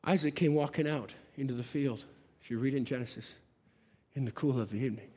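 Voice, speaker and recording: A man's voice: mid-range voice, brisk, slightly rough. A man preaching a sermon to a church congregation, with a fervent cadence and repeated rhetorical questions. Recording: long hall reverb, faint music behind.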